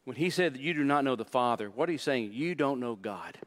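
A man's voice: medium pitch, animated, a little fast, a bit bright. Male pastor preaching with emphatic intensity. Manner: emphatic preaching, explaining scripture verse by verse; rising and falling intensity, with short stammered restarts. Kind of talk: sermon.

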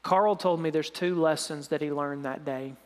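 At a normal pace, this preacher tells a dramatic story in sermon fashion, turning soft and low at moments of emotion. Long reverb from the hall fills the recording.

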